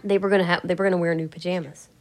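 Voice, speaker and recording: A woman's voice: fairly low pitch, fairly even intonation, rapid-fire, soft background music. A woman vlogger telling a story in a candid, rambling way, swearing and laughing now and then. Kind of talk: casual emotional storytelling.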